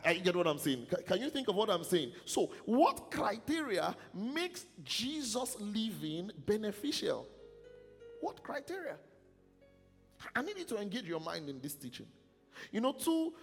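High gravelly preacher guy, swings his pitch all over, church hall echo and faint music. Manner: animated, call-and-response questions to congregation. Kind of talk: sermon.

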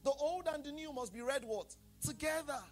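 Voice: high voice, normal speed, soft background music. A Bible study teacher who keeps asking the class to fill in answers and checks that they are following. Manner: quizzes the class with fill-in questions; often checks that listeners follow.

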